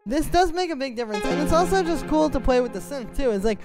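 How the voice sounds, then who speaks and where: A man, a music producer, explaining melody writing in a relaxed, conversational tutorial, stepping through his points one by one. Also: very high voice, fast. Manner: conversational, explains step by step while playing examples. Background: synth music playing.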